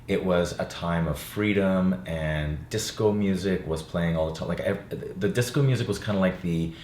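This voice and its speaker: Older male actor-playwright, deep voice, easygoing interview chat, roomy room. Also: normal speed, a little hiss or hum. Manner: relaxed, reflective, with frequent fillers. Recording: roomy sound with faint ambience.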